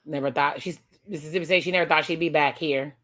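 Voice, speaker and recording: A woman's voice: sits low, fairly even intonation, fast talker, a bit bright. A woman talking casually through a TV episode, retelling scenes and reacting with exclamations. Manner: chatty, narrates scenes aloud with exclamations. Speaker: reaction video host.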